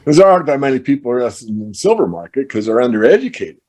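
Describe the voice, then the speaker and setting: A man with a mid-range voice who talks his way carefully through market ideas in a relaxed podcast chat. He strings long thoughts together and pauses on fillers. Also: mid-range voice. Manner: measured, explains in long run-on thoughts. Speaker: show host. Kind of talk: casual podcast conversation.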